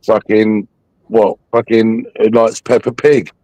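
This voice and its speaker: A man's voice: lowish voice, flat delivery, slow pace, warm tone, dry recording. A man hosting a livestream, taunting a viewer in a mocking, aggressive rant full of swearing. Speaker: livestream host.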